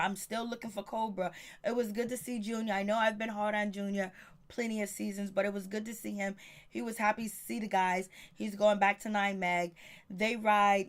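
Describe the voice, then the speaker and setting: A woman giving a casual, outspoken reality TV recap, chatty and profane, quoting the cast in quick snippets. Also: medium pitch. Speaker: show reviewer.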